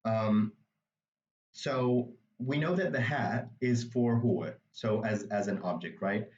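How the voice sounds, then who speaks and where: A man's voice: on the low side, slow, a little mellow, roomy sound, distant mic, muffled recording. A man teaching a language, explaining a reading passage step by step in a patient way with many asides. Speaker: Arabic dialect teacher.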